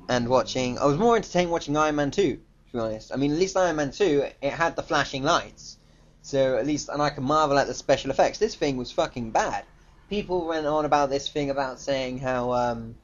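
On a dull lo-fi recording, a man with a mid-range voice rants through a casual film review, blunt, profane and exasperated.

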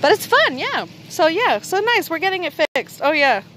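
A woman with a very high-pitched voice speaks at a moderate pace over slight background noise. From inside a car on a rainy night, she holds her phone and chats casually on a live stream, excitable, joking, swearing and laughing often.

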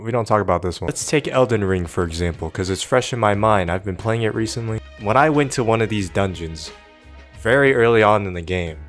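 Lower-voiced guy cussing and ranting over gameplay, sarcastic comedic commentary. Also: a bit bright. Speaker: gaming video narrator.

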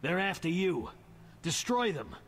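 An actor playing a smug, scheming city official who chuckles while giving orders. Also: male voice, high-pitched, very animated, measured pace, a bit bright, full character voice. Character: scheming male city official handing out dirty jobs.

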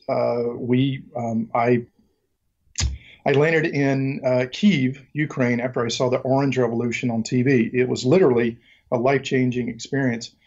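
This guest, a middle-aged man from Mississippi, tells stories with a Southern accent in a casual interview, rambling and joking with lots of ums and restarts. He has a slightly mellow, medium-pitched voice, and the highs are cut off.

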